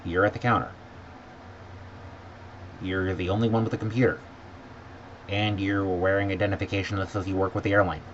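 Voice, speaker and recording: A man with a lowish voice rants about a trip gone wrong in an exasperated, sarcastic vlog. He sometimes mimics other people in a higher pitch. The audio is dull and lo-fi, with a faint noise underneath. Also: flat delivery, fairly quick, pauses often. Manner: sarcastic, mimics airline staff in high voices. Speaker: vlogger. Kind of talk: exasperated travel rant.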